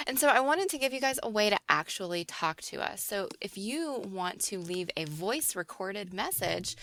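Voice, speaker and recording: A woman's voice: mid-range voice, fairly bright tone. A woman co-hosting a podcast, upbeat and emphatic as she chats and gives announcements. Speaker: podcast co-host. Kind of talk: casual chat and show announcements.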